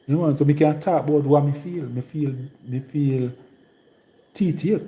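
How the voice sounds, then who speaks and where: A man's voice: on the high side, moderate pace, mellow, reverberant, rough recording. A man from Jamaica speaking in a rural Trelawny patois accent, rambling and repeating himself in a casual live-stream monologue. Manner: rambling and repetitive, in heavy patois.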